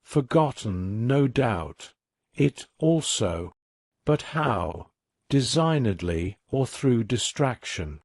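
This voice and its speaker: Slow, calm male storyteller. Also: medium pitch, no room sound, clean studio sound. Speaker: narrator. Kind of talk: scripted narration of a bedtime mystery story.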